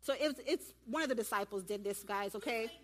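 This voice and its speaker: A woman giving a lively sermon at a church women's event and directing volunteers from the audience. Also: fairly high pitch, brisk. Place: church hall.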